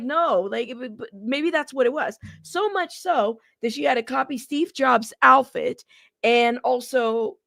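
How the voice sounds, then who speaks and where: A woman hosting a casual reaction commentary, chatty and animated, talking straight to her viewers and laughing often. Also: a little high, gravelly, no room sound, clean studio sound. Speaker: host of a commentary channel.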